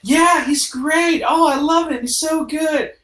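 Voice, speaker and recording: A man voicing excited young male clubgoers at a rave, gushing in a loud, high-pitched way. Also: unhurried, reverberant.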